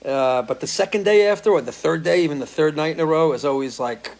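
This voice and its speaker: A middle-aged man from the US Northeast, a musician hosting a relaxed live stream from a porch, greeting viewers by name one after another, his voice a bit worn from singing. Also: fairly high pitch, fast talker. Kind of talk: casual chat greeting viewers. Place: porch at home.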